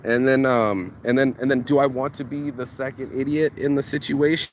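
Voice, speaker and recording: Motivational vlogger, male, mid-range voice, slangy and profane, with clear traffic noise outdoors. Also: mid-range voice, moderate pace. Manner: slangy, profane, repeats words when excited. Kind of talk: casual motivational monologue.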